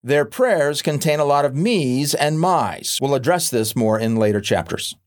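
A man narrating a nonfiction audiobook in a wry, gently humorous and measured way. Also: mid-range voice, lively intonation.

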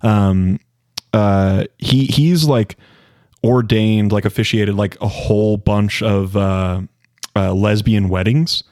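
A man's voice: on the low side, steady tone, slow pace, darkish tone, no echo. A young man co-hosting a podcast, chatting casually with lots of fillers on a dynamic mic in a studio. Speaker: podcast co-host. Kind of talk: casual chat.

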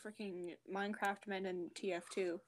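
A young woman co-hosting a casual podcast over a call, lively and teasing, laughing at herself. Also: mid-range voice, moderate pace, a little hiss or hum. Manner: lively, teasing, self-deprecating, laughs often. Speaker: podcast co-host. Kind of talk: casual chat.

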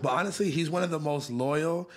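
A man's voice: on the high side, fairly quick. A young man from the Los Angeles area, co-hosting a podcast in casual, profane, slang-heavy chat. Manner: profane, slangy, laid-back storytelling. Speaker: podcast co-host.

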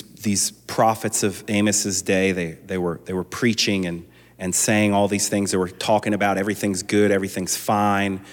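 A man preaching a sermon as a pastor, talking conversationally with frequent restarts and building to impassioned emphasis. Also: on the low side. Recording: long reverb of a large hall.

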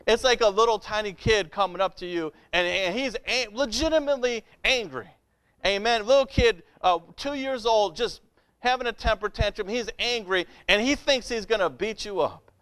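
High-voiced man preaching a sermon. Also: normal speed, fairly bright tone, smooth. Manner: conversational preaching with repeated calls of "Amen?" to the congregation. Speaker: pastor.

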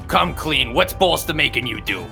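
A man's voice: fairly high pitch, animated, normal speed, creaky, bright, forceful tone, soft background music, pitched above the performer's own voice, full character voice. A man voicing a nervous, pushy adventurer character in a tabletop game, confronting someone in his own voice. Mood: threatening.

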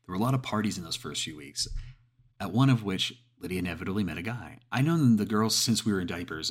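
A man reads a creepy first-person horror story in a steady, storytelling manner. His voice is very deep and sits low. It has a husky, slightly rough grain. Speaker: narrator. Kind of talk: scripted horror story narration.

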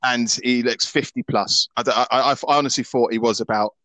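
A man's voice: mid-range voice, fairly even intonation, fairly quick, sharp tone, dry recording. Chatty Scottish man in his thirties. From Scotland. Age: 30s. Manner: chatty, stammers and restarts often, opinionated. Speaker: football podcast host. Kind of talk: casual podcast chat.

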